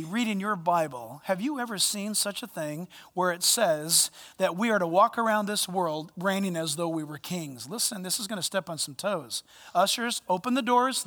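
A male pastor preaching a sermon, animated and playful, swinging between loud bursts and hushed asides. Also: high-pitched, long reverb tail. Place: church sanctuary.

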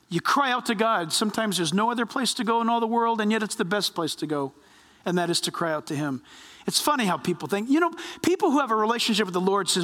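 A man preaching a sermon as pastor, animated and acting out quoted voices. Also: high-pitched, fast, big-room sound.

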